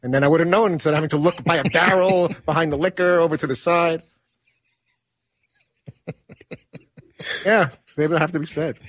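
A man's voice: on the high side, steady tone, fairly quick, pauses often, no room sound, studio quality. A man on a sports talk show staff, speaking defensively and nervously with a slight stutter. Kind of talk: casual radio show banter.

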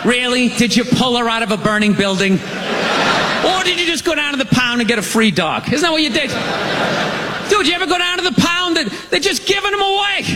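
A man doing a stand-up comedy bit, loud and incredulous, mocking people he describes. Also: very high-pitched, fairly quick, heavy background noise.

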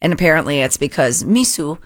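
A woman reading local news on a morning radio show, brisk and lightly giggly between items. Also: low voice, very animated. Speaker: radio news reader and co-host.

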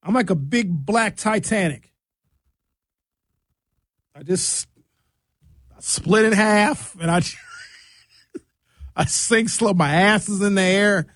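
Man in his fifties, fairly high voice, exasperated comic rant, dry close sound. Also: slow, long pauses, no echo. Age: 50s. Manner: exasperated, animated, playful. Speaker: host reading viewer comments. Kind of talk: comedic rant.

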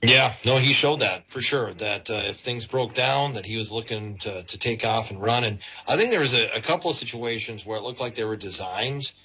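A man joins a radio show as a sports commentator guest. He talks in a measured, analytical way, and his bright voice has a husky grain. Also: mid-range voice. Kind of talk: casual sports talk.

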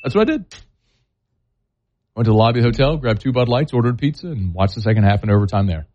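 A man's voice: on the low side, very fast. A blunt man hosting a sports talk radio show. He scolds and jokes in a plain, folksy way. The sound is a little dull. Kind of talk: opinionated sports talk and live-read ads.

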